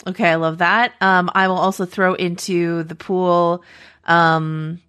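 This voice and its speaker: A woman's voice: lowish voice, little pitch movement, unhurried, a bit bright, smooth. Chatty woman podcast co-host. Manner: chatty, many fillers and restarts. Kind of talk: casual podcast chat.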